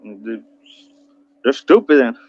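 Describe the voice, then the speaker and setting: A man chatting casually as a co-host on a call, agreeing loudly and indignantly. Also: mid-range voice, very animated, takes it slowly, dull audio, noisy background. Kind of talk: casual chat.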